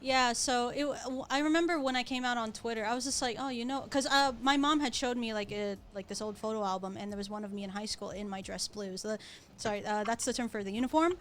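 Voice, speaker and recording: A woman's voice: on the high side, fast, a little hiss or hum. A young American woman, a podcast guest, telling stories casually with many fillers and frequent laughs. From United States. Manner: rambling storyteller, laughs often, many fillers.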